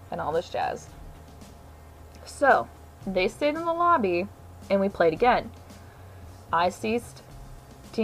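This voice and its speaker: A woman's voice: mid-range voice, low-quality recording. A young woman gamer ranting to camera in a brash, sarcastic, profane way about trash talk in online games. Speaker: gamer vlogger. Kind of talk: casual ranting monologue. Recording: faint music underneath.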